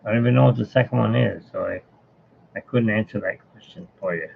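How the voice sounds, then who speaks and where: A man's voice: lowish voice, fast, creaky. A man chatting casually and rambling to himself as he draws live for his viewers. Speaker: live-drawing streamer. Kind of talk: casual chat while drawing. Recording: tinny phone-like line with faint hiss.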